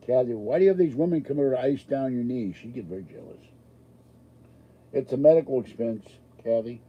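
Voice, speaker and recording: A man's voice: mid-range voice, a little fast, dark tone, rough recording. A man hosting a live stream, chatting casually with a rambling, self-deprecating, joking manner. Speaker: livestream host answering chat.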